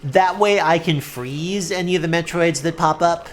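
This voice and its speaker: A woman streaming a video game live, chatting with viewers and yelling at the game when it goes wrong. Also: lowish voice, moderate pace, slight background noise. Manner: excitable, yells at the game, then apologizes. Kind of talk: live gameplay commentary.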